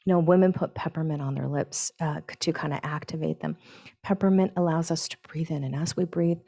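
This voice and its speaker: Woman doing a zodiac forecast, kinda low voice, slows down dramatic and drops to breathy whispers, keeps saying right and honey. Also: fairly even intonation, warm tone. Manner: dramatic, sensual emphasis with drawn-out words; fillers and restarts, chatty "right?" and "honey". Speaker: astrology forecaster. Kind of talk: spiritual forecast monologue.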